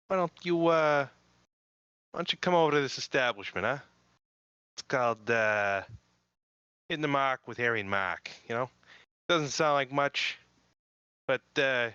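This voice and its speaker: A man's voice: medium pitch, pushed and bright, clean tone, no echo, lo-fi sound, voice pushed up. Man putting on a New York Boston hustler. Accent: put-on New York Boston. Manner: wheedling, swaggering sales patter. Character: pushy male street hustler luring passersby.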